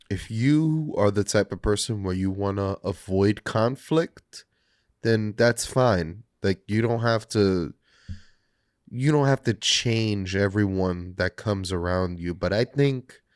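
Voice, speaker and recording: Slow, low-voiced thoughtful man. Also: dry recording, clean studio sound. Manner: thoughtful, searching for words. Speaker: podcast co-host. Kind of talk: casual podcast discussion.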